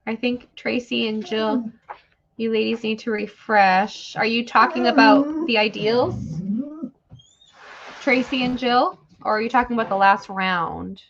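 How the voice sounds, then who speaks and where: Slow-talking gravelly woman live-selling books. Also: fairly high pitch, fairly bright tone. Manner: chatty, rambling, thanks viewers by name. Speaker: live sale host. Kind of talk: casual live-stream selling. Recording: dull lo-fi stream audio with faint noise.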